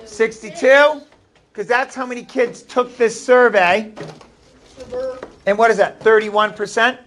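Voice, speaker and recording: A man's voice: very high voice, steady tone, measured pace, a bit bright. A man with a Maine accent teaching a math class, chatty and jokey, often shushing his students. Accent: New England (Maine).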